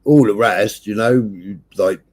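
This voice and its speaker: A man's voice: fairly low pitch, a little slow. Sweary man telling a story. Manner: swears constantly, animated storytelling. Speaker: livestream host. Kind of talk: casual chat. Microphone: streaming setup.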